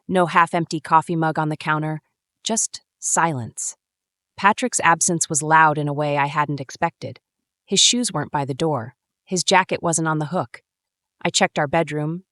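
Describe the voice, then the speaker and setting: A woman in her thirties narrating a first-person drama story in a measured, brooding way. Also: low voice, a bit bright, dry recording, studio quality. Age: 30s.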